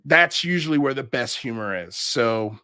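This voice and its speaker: A man's voice: medium pitch, moderate pace, dry recording, clean studio sound. A man hosting a livestream, reading chat comments and rambling casually with lots of fillers. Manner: rambling, animated, frequent fillers and laughs. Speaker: show host reading live chat.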